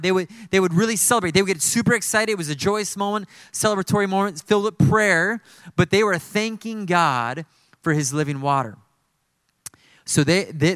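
A male pastor delivers an emphatic, fervent sermon, often circling back to repeat his key phrases. His voice sits a little high for a man, and the sound is close and dry with no room echo.

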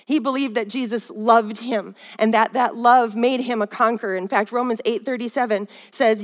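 A woman with a high voice teaching a Bible lesson in sermon style. She rouses her listeners and calls for their response. Her voice rings with long reverb, as in a large hall. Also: steady tone, fairly quick, few pauses. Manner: rousing, calls for audience response. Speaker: women's Bible study teacher. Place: Minnesota.

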